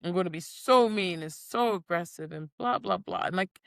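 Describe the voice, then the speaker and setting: A woman's voice: on the low side, moderate pace, creaky, no room sound. A woman co-hosting a podcast in casual chat, telling stories animatedly and acting out quotes in changing voices. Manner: animated storyteller, acts out quotes in shifting voices. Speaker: podcast co-host.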